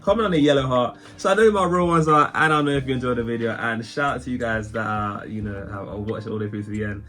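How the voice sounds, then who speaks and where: British man, reaction host, rambling casual chat, mid-pitched voice, laughs a lot. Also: quick pace, fairly bright tone. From Britain. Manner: rambling, laughs often, talks to viewers.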